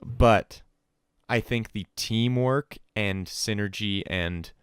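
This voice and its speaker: A young podcast host with a smooth, resonant, low voice, talking in a loose, chatty way and mimicking people in quick put-on voices. The sound is dry and close, with no room echo. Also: male voice. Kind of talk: casual esports podcast chat. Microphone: call recording with a remote co-host.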